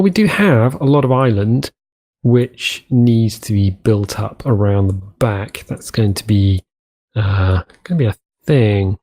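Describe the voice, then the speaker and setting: Chatty mellow-voiced man playing a game. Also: medium pitch. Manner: chatty, rambling, self-talking with repeated words. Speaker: gaming channel host. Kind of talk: casual let's-play commentary.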